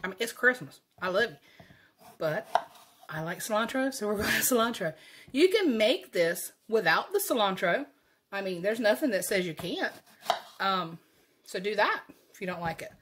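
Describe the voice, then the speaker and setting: A woman's voice: mid-range voice, big pitch swings, normal speed, noisy background. A woman with a Southern accent hosting a casual cooking video in her home kitchen, chatty and folksy, laughing often. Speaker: cooking channel host.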